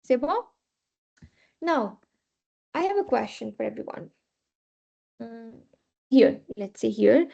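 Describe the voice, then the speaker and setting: A woman's voice: on the high side, expressive, slow pace, gravelly, pauses often, warm tone. A woman teaching a French class, patiently repeating rules and checking in with "okay". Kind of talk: live online class teaching. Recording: dull lo-fi class recording.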